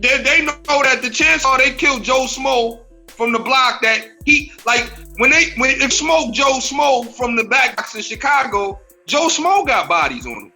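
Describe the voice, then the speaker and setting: Bright high-voiced man debating emphatically. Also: expressive, measured pace, few pauses, soft background music. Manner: emphatic, repetitive restarts. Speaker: podcast co-host. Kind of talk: casual debate on a podcast.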